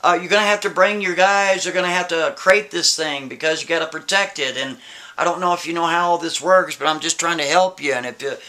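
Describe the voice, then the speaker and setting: A man's voice: fairly high pitch, fairly quick, sharp tone. A man voicing a proud, eager male painter who rambles on the phone in a told story.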